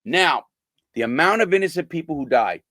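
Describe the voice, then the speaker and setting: A man's voice: fairly high pitch, lively intonation, brisk, a bit bright, dry recording. An older man, a former prisoner, talking bluntly and casually to his viewers, swearing and acting out the people he quotes.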